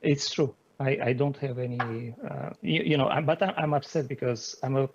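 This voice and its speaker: Brief: husky, gravelly-voiced man at a hearing, halting and polite, lo-fi video-call sound. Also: medium pitch, fairly even intonation. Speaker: defendant at a hearing. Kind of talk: hearing testimony.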